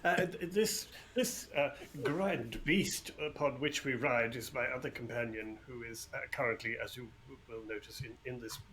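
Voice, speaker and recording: Brief: fumbling, overly polite gentleman adventurer, put on by a man in a tabletop game, faint noise behind. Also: medium pitch, moderate pace, hardly any pauses, close to an everyday voice. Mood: hesitant. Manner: overly courteous, hesitant, stammering. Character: polite posh male adventurer, fumbling courtesy.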